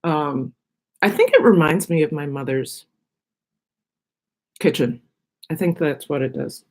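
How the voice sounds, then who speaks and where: A woman's voice: sits low, a little slow. A middle-aged woman chatting casually on her own live stream, rambling from one thought to the next while she eats. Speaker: vlogger on her own channel.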